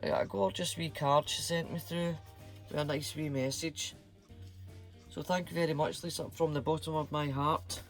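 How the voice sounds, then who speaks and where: Scottish man, vlogger, chatty and slangy, voice sits a bit high. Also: steady tone, moderate pace, fairly bright tone, soft background music. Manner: chatty, sprinkles Scots slang words. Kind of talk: casual chat to camera.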